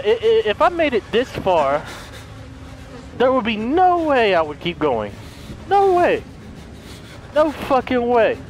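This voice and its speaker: A young let's play gamer gives live commentary on a horror game, jumpy and full of profanity, yelping whenever he's startled. His voice is high with a fairly bright tone. There's a little hiss or hum in the background.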